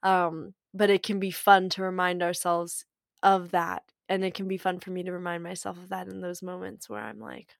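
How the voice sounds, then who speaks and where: A woman's voice: fairly low pitch, little pitch movement, moderate pace, gravelly, dry recording. Woman riffing on spiritual stuff, swears a lot, laughs a bunch, dry close sound. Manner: playful, irreverent, laughs often; swears casually. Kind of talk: casual spiritual talk.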